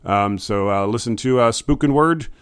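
A man making casual event announcements, halting and full of fillers. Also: mid-range voice, clear, resonant tone, dry recording. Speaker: event organizer.

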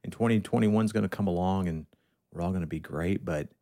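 A man's voice: low voice, fast talker, mellow. A man hosting his podcast in casual chat, joking with a dry, sarcastic tone into a studio microphone. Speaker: podcast host.

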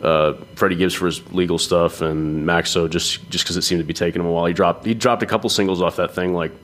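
A young man with a fairly low voice, chatting casually about music as a co-host. He rambles in a relaxed way, full of "um" and restarts, and sounds easygoing rather than polished. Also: fast. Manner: laid-back, rambling with frequent fillers and restarts. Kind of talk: casual music review chat.

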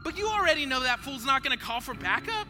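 A male pastor delivering a lively sermon with a very high, sharp, ringing voice. He talks to listeners as friends and acts out little scenes to make his points. Soft music plays faintly behind him. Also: fast talker. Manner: animated storytelling, acts out movie scenes; conversational preaching, addresses listeners as friends.

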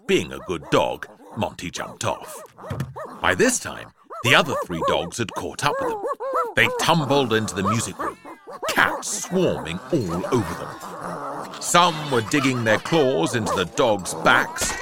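Lively low-voiced male storyteller. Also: unhurried, very noisy. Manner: lively, playful, with sound-effect words. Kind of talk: expressive storybook reading.

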